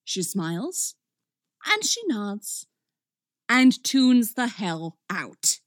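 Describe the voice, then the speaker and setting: A woman reading a story aloud with expressive, wry narration, recorded close up. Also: medium pitch, very slow, no echo.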